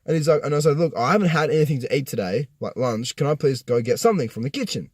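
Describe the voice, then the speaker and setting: Young man, higher voice, dry close sound, rambling swearing rant from his parked car. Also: animated, fast, a little mellow, slightly rough, no echo. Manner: rambling, profane storytelling with many restarts. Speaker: vlogger. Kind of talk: casual personal rant.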